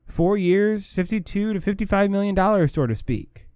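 A man's voice: sits high, animated, normal speed, darkish tone, smooth, no echo, studio quality. A man hosting a sports talk show, giving opinionated commentary and repeating his points for emphasis.

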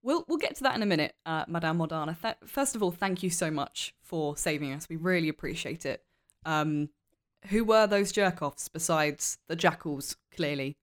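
A woman's voice: low voice, moderate pace. A woman player at a tabletop game, chatting in a giggly, playful way. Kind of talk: casual chat at a game table.

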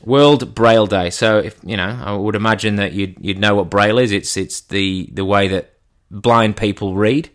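A man giving a comedic monologue in an irreverent, deadpan way, his pitch jumping up for punchlines. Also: moderate pace.

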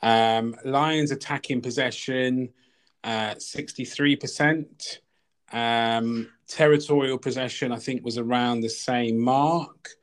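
A man's voice: mid-range voice, slow. Man casually talking rugby. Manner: reads off statistics in a steady list. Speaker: podcast host.

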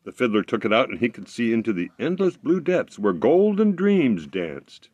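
A man reading a fairy tale aloud, expressive, with occasional slips he corrects as he goes. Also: medium pitch, moderate pace, dry recording, dull audio. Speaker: storyteller.

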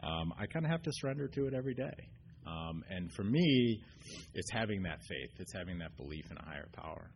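A man with a very low voice speaks at a recovery meeting, earnest and halting. He stops and restarts often and fills pauses with ums. A faint noise sits under the recording. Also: sing-song, creaky. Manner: earnest, getting choked up. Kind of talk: personal recovery share. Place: meeting room.

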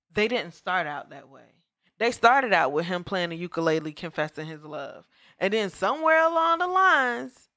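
A woman's voice: medium pitch, pushed and bright. A woman co-hosting a casual chat, talking frankly and reflectively about relationships. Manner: frank, reflective, laughs often. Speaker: podcast co-host.

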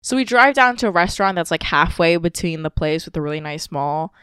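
A woman co-hosting a podcast, recounting a personal story in a loose, emotional ramble full of fillers. Her voice sits a little low and sounds smooth and clean. The sound is dry and close. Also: animated, a little fast, fairly bright tone, no echo. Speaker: podcast co-host. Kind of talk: casual storytelling chat.

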